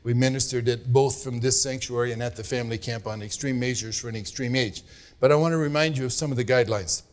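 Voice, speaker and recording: A man preaching a sermon as pastor, earnest and admonishing, leaning hard on his key words. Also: mid-range voice. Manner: earnest, admonishing, drawn-out emphasis.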